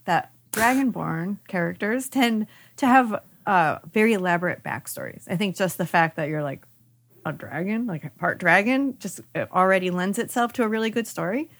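A woman hosting a podcast in casual chat, playful and quick to jump in with jokes. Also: fairly low pitch. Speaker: podcast host.

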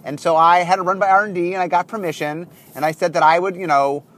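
A man's voice: sits high, fast. A man hosting a podcast, talking casually with many fillers while he drives, in a car. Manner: animated, rambling with many fillers. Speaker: podcast host. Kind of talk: casual monologue while driving.

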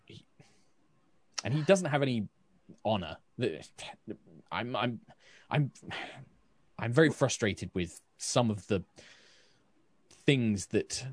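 A man's voice: medium pitch, expressive, no room sound. A man playing a stern, honorable knight captain. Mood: earnest. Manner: earnest, halting, frustrated.

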